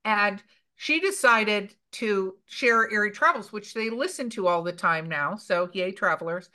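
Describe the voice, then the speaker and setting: Woman, podcast host, animated storyteller, bright voice. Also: mid-range voice, measured pace. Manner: animated storyteller, reads listener questions. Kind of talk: casual group chat.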